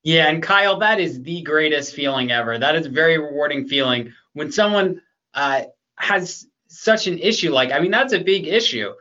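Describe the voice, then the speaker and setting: Enthusiastic male host, bright, slightly high voice, dull audio. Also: expressive, normal speed. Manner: affirming, enthusiastic interviewer. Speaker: show host. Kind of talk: interview hosting.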